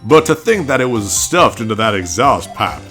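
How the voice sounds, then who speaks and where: A man voicing a jolly, overfamiliar middle-aged police chief in a put-on Southern accent, folksy and loud with nicknames for everyone. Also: big pitch swings, normal speed, soft background music. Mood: smooth. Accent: American Southern (put on). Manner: folksy, booming, hands out nicknames.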